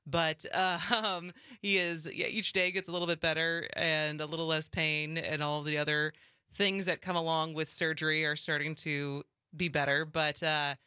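Young woman co-host, bright and dry-sounding, chatty with fillers. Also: low voice, little pitch movement, normal speed, clear, resonant tone, no room sound. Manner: chatty, laughs often, many fillers. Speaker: radio co-host. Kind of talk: casual radio talk.

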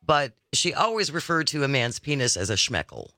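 A woman co-hosts a radio talk show. She reacts quickly and tells stories with a lively voice that swoops up and down. Her tone is bright and the studio is dry. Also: extremely low pitch, dry recording. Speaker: radio co-host. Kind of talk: casual radio chat.

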